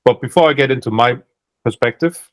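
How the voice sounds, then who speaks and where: A man's voice: mid-range voice, fairly quick, low-quality recording. A man with a German accent coaching on sales calls in casual chat, thinking aloud with many restarts.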